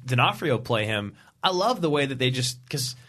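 A man co-hosting a movie podcast in loose, casual chat. He talks in an excitable, gushing way and keeps jumping in with what he loves. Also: mid-range voice, normal speed. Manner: excitable, gushing fan talk. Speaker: podcast co-host.

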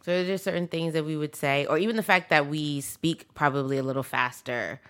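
A woman with a New York accent co-hosting a casual podcast chat, playful and teasing in quick back-and-forth. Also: deep voice, fairly even intonation, smooth. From New York area. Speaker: podcast co-host.

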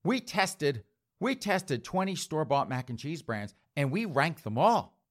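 A man's voice: a little high, very animated, a little slow, pitched above the performer's own voice. A man doing a prim self-satisfied writer.

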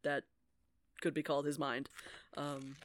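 A woman's voice: low-pitched, level tone, a little slow. A woman co-hosting a podcast, talking in a casual, rambling way about a book, laughing often and swearing freely. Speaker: podcast co-host. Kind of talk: casual book club chat.

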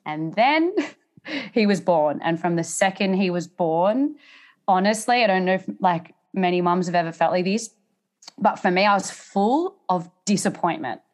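A woman's voice: lowish voice, moderate pace. An Australian woman, a podcast guest, candidly telling her story and acting out what others said. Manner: animated, acts out quotes in raised voice.

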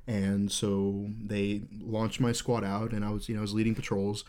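A man's voice: fairly low pitch, monotone, moderate pace, a little mellow, clean tone. A man in his thirties hosting a podcast, telling a rambling, candid war story full of swearing. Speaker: podcast host.

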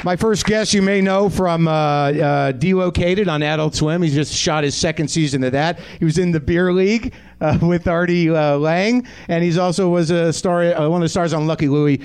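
A man's voice: a little high, normal speed, hardly any pauses, darkish tone, clear, resonant tone. A man in his forties hosting a comedy podcast live on a theatre stage, riffing with the audience in a profane, sardonic way. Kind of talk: live stand-up banter with audience.

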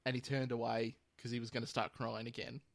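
An Australian man riffing bluntly with his co-hosts in a casual podcast chat. His voice sits at a mid pitch and sounds dry and close. He jokes and swears freely. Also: flat delivery, a little fast, gravelly, no room sound. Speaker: podcast co-host.

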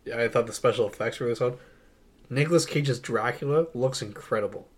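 A young man with a mid-range voice talks fast as he co-hosts a podcast. Eager and rambling, he chats casually about a movie and laughs a lot.

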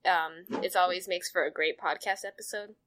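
A woman's voice: lowish voice, steady tone, moderate pace, a bit bright. A young woman co-hosting a podcast in casual, chatty talk, often giggling and poking fun at herself, on a close mic. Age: young adult. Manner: chatty, giggly, self-deprecating. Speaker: podcast co-host. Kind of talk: casual chat.

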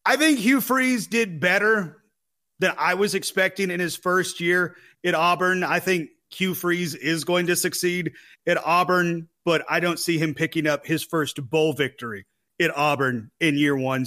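Male co-host, bright forceful tone, playful ribbing, loose rambling delivery. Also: a little high, measured pace. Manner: teasing, rambling. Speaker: podcast co-host. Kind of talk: casual sports chat.

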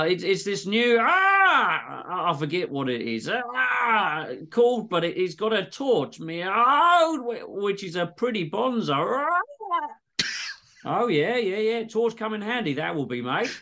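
A man voicing a hapless Australian patient, in a high, strained voice with an exaggerated Australian accent. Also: sing-song, normal speed, a bit bright. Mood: yelping. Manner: yelping in pain, high strained voice. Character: hapless male patient, Aussie bloke, middle-aged. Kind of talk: comedy story reading.

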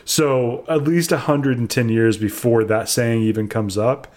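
A man's voice: mid-range voice, steady tone, a little slow, darkish tone. A young man co-hosting a casual chat, giving an opinionated game review and explaining at length. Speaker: co-host reviewing a video game.

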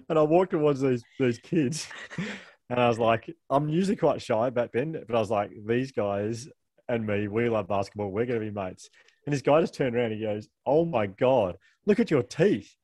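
A man's voice: medium pitch, lively intonation, moderate pace, darkish tone, no echo. A middle-aged man telling personal stories as an author guest, rambling, self-deprecating and laughing often. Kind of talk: candid conversational storytelling.

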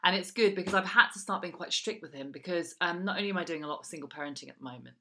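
Female co-host, low and bright, candid chatty storyteller. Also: rapid-fire. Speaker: podcast co-host. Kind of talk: casual chat.

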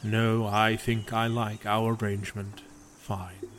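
A man playing a gentle old farmer-priest. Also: on the low side, level tone, takes it slowly, a little hiss or hum. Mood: reassuring.

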